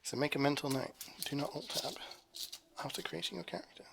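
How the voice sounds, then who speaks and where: A man's voice: a little high, brisk, vocal fry, heavy background noise. A man streaming from his home kitchen, rambling casually to his chat as he cooks. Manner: rambling, chatty, talking to chat while cooking.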